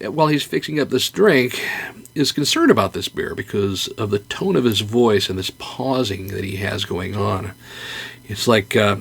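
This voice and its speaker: A man's voice: lowish voice, breathy edge. A man hosting a podcast, telling stories in an earnest, casual way and then offering encouragement. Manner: earnest, anecdotal, with restarts. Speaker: podcast host.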